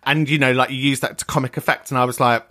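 A podcast host with a London working-class accent, chatting casually and swinging between posh and common speech. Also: male voice, mid-range voice, flat delivery, quick pace, sharp tone.

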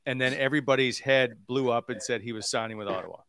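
A man's voice: mid-range voice, quick pace, a bit bright, clean tone, no echo, studio quality. A man hosting a podcast, prompting his guest with questions and setting up stories. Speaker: podcast host. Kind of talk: casual interview.

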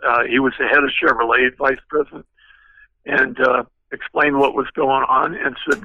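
A man's voice: medium pitch, steady tone, normal speed, no room sound, lo-fi sound. An older man, a guest car designer, telling long rambling anecdotes with many fillers in an interview. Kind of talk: storytelling interview.

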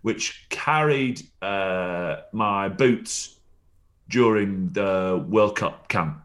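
A man's voice: sits low, very slow, fairly bright tone. A man, a former rugby player, telling rambling anecdotes with chuckles and frequent restarts in a casual interview.

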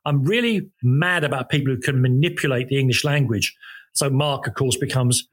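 A man's voice: mid-range voice, normal speed, breathy edge. A man on a podcast recounting music-journalism anecdotes in a rambling, self-interrupting way, recording from a room at home. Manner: rambling, self-interrupting, many ums and restarts. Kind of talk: casual anecdotal chat. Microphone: home recording, video call.

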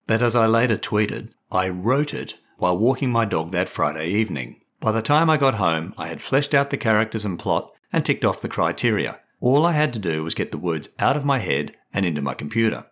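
Expressive man reading stories. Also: fairly low pitch, brisk, hardly any pauses. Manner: expressive storyteller. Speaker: writer and narrator. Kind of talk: reading his own short stories.

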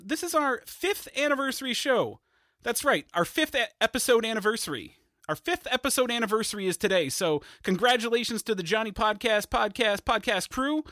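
A man filling in as host of a comedy podcast, rambling nervously with plenty of "uh"s and quick apologies. His voice is high and bright. The sound is dry and close to the mic. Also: no room sound. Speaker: podcast producer and stand-in host.

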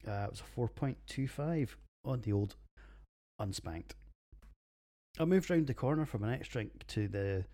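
This middle-aged Scotsman's mid-range voice is warm and expressive at a measured pace. Hosting a solo podcast, he gives casual beer reviews that are blunt, jokey and full of swearing, in the style of rough pub banter.

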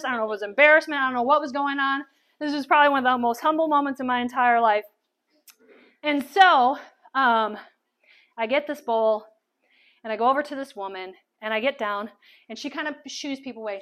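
A woman telling a personal testimony as a sermon, animated and full of stammered restarts. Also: sits high, fairly quick. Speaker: speaker sharing testimony. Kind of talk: sermon storytelling.

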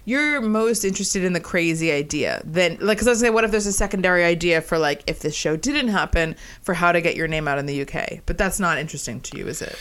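A woman comedian in casual podcast chat, talkative and quick to laugh. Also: fairly low pitch, lively intonation, fairly bright tone. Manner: chatty, laughing, does silly voices.

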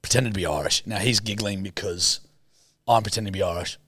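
A man's voice: lowish voice, fast talker, dry recording, clean studio sound. A young Australian man hosting a podcast, telling a story in casual chat and slipping into put-on voices. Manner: animated, slips into put-on voices. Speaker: podcast host.

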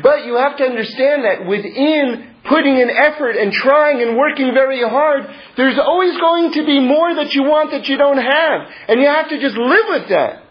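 A man teaching Torah in a loose, conversational way, with rambling asides and stretches where he drops low and mutters. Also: moderate pace, hardly any pauses, highs cut off. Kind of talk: informal Torah lesson.

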